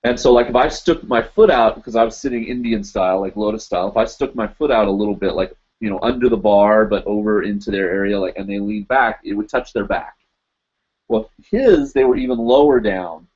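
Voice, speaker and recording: A man's voice: lowish voice, a little fast, a little mellow, breathy edge. A man hosting a live chat show, telling a long story casually and filling it with "you know" and "like". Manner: rambling, loaded with "you know" and "like". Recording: dull lo-fi livestream audio.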